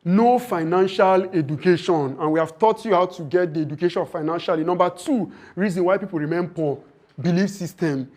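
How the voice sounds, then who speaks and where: A man's voice: high voice, a little fast, a little mellow. A man giving a motivational training lecture, full of rhetorical questions and acted-out dialogues. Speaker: leadership and finance trainer.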